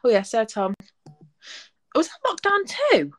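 A woman's voice: a little high, big pitch swings, unhurried. Teasing woman co-host, casual. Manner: teasing, laughs easily. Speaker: podcast co-host. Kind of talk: casual chat.

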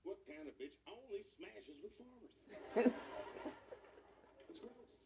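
A man's voice: high-pitched, expressive, slow, creaky, darkish tone, echoey room, far from the mic, a little hiss or hum, rough recording. A man from Ohio performing a stand-up comedy set, delivering mocking punchlines and putting on other people's voices. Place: stage before a live audience.

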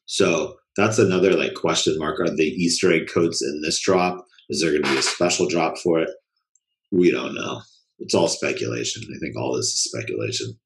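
A man's voice: extremely low pitch, moderate pace, gravelly. A man co-hosting a podcast in casual chat, laid-back, trailing off and swearing casually. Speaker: podcast co-host.

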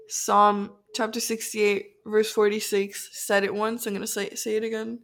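Congested young woman, excited and earnest, slangy podcast chat. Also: mid-range voice, normal speed, hardly any pauses. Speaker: podcast co-host. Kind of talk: casual faith podcast chat.

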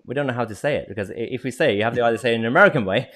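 A man's voice: mid-range voice, racing, hardly any pauses, a bit bright. A British man hosting an interview, talking casually with lots of hesitant fillers. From Britain. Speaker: host.

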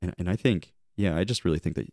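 A man's voice: low-pitched, fast talker, dark tone, dry recording, clean studio sound. A man co-hosting a podcast, reflecting on his summer leading camp in a rambling, heartfelt way, often restarting his sentences. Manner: rambling, self-correcting, heartfelt. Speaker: podcast co-host, camp leader. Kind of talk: casual reflective podcast chat.

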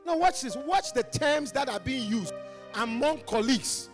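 A Ghanaian man preaching a lively conference sermon, teasing his listeners and swinging from quiet asides to shouted calls. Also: very high-pitched, unhurried, gravelly, in a large hall, soft background music. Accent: Ghanaian English. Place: large conference hall.

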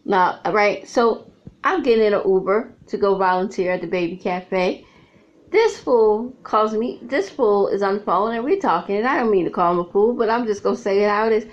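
Frank, chatty middle-aged woman. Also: medium pitch. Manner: frank, chatty storyteller who laughs often. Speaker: vlogger and author. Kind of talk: candid casual monologue to viewers. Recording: slightly dull lo-fi audio.

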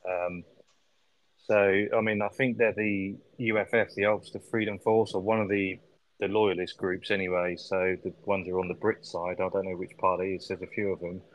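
A man's voice: low-pitched, level tone, normal speed, rough recording. A man co-hosting a podcast, chatting casually about a film, recapping scenes and swearing freely. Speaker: podcast co-host.

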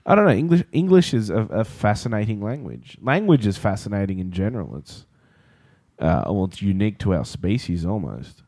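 A man's voice: lowish voice, sing-song, a little fast, darkish tone, no echo, clean studio sound. A man co-hosting a casual podcast chat, laughing often and rambling playfully between tangents. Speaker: podcast co-host.

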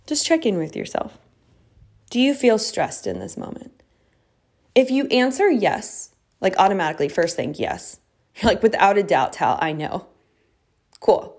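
A young woman hosting a casual solo podcast as a coach, talking in a chatty, reflective way with many fillers and restarts. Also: mid-range voice.

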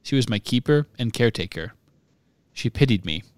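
A man reading a flat, drugged young man. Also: mid-range voice, moderate pace, no room sound, lightly acted. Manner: flat, monotone.

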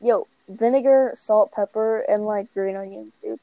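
A young Canadian-accented woman with a mellow, mid-range voice and vocal fry speaks a little slowly in a casual, rambling chat, constantly saying "like" and "bro." The recording is dry, with the highs cut off.

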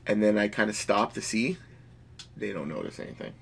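A man's voice: on the low side, a little fast, vocal fry, fairly bright tone, slight background noise. A man rambling through a story in casual chat, swearing freely.

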